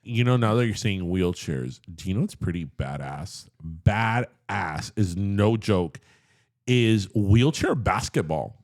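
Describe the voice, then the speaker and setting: A man's voice: fairly low pitch, takes it slowly. A man co-hosting a podcast, gossiping about celebrities in a loose, chatty way full of "like". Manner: gossipy, animated, lots of "like". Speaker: podcast co-host. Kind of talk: casual chat.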